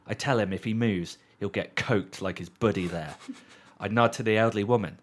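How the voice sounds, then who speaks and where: Man telling a story, lower-pitched. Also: a little fast. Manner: animated, swearing, deadpan readings. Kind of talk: casual storytelling chat.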